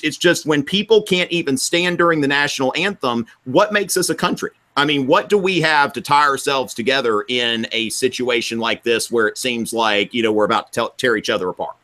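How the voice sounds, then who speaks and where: A man, from South Carolina, talks through a casual panel debate. His voice is bright and forward, and he speaks earnestly, leaning on "you know" as he builds his points. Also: a little high. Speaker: panelist in a discussion.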